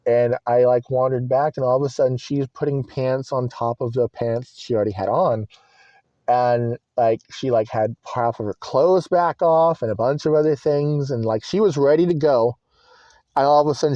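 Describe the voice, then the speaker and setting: A man's voice: mid-range voice, normal speed, dark tone, no room sound, lo-fi sound. A young man telling a personal story in a rambling, candid way, full of fillers and swearing. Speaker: vlogger.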